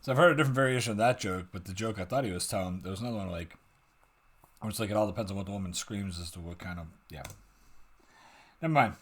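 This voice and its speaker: A man's voice: on the low side, fast, a loud crowd, very noisy. A man from the United States hosting a reaction video, musing and asking himself questions between clips. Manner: musing, unsure asides, bursts of laughter. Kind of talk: casual reaction commentary.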